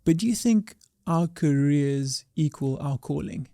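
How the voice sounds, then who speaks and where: A man hosts an interview, posing thoughtful, probing questions. His voice sits slightly high. The recording is dry, with no room echo. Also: lively intonation, unhurried, warm tone. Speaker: interviewer host.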